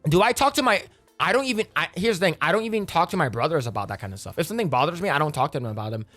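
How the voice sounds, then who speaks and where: A young man ranting in casual reaction commentary, profane and animated, sometimes quoting friends in put-on voices. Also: on the high side, racing, faint music behind.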